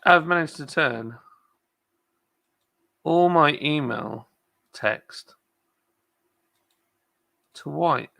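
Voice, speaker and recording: A man's voice: a little high, extremely slow, creaky, long pauses, bright, forceful tone. A man hosting a casual live chat stream, rambling and self-deprecating, reading out viewer comments with lots of fillers. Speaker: brewery livestream host.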